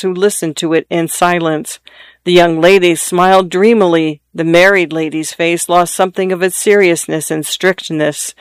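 Audiobook narrator, measured, descriptive, smooth voice, dry close mic. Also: mid-range voice, dry recording.

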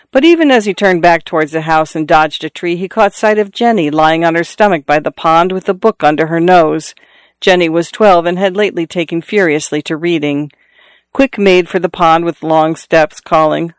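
A man reading a novel aloud as narrator, in a measured, even storytelling manner. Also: a little high, clear, resonant tone, no room sound. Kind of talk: scripted audiobook narration.

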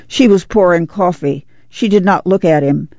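Woman, audiobook narration, measured delivery, gravelly, dull lo-fi sound. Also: fairly low pitch, mellow, no echo. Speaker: audiobook reader. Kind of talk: scripted narration.

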